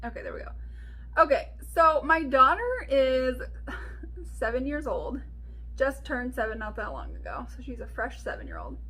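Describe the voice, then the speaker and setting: A woman's voice: sits high, very animated, moderate pace, bright, forceful tone, slight background noise. A woman chatting casually through a makeup tutorial at home, telling stories full of "like" and little asides. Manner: chatty, storytelling, filler-heavy with frequent "like". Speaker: beauty vlogger.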